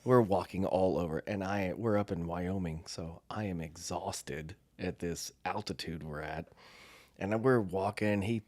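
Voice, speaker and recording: Deep-voiced man telling a lively story. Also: unhurried, dry recording. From United States. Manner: animated storyteller, acts out quotes. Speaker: podcast co-host. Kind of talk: casual storytelling chat.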